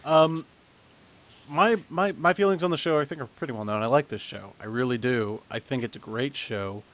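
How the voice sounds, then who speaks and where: A man's voice: mid-range voice, moderate pace. A man hosting a casual anime review podcast, chatty, with frequent restarts and laughs. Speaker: podcast host.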